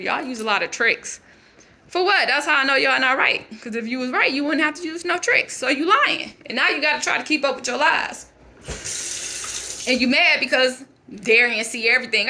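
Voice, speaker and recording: Brief: high, bright woman doing a defiant foster girl, profane rambling rant. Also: exaggerated voice. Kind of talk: character monologue.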